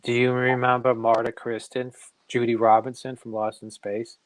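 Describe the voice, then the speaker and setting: A man's voice: medium pitch, normal speed. A man from Massachusetts, a comic artist guest, telling long stories and acting out the dialogue of the people in them. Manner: animated storyteller who acts out quoted dialogue. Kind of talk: casual interview storytelling.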